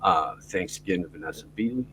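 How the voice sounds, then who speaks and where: A man's voice: low-pitched, lively intonation, fairly quick, sharp tone, a little hiss or hum, rough recording. A man hosting a podcast, talking loosely and profanely in a rambling casual chat. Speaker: podcast host.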